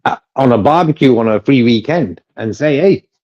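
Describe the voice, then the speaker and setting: Male co-host, casual rambling chat, mellow tone, lo-fi muffled audio. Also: mid-range voice, a little fast. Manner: rambling, repeats himself, laughs often. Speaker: co-host of a fan livestream.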